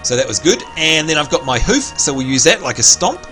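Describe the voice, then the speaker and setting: Excitable Australian man streaming a game. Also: brisk. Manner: excitable, jumps into high squeals of delight. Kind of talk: live gameplay commentary. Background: faint game music.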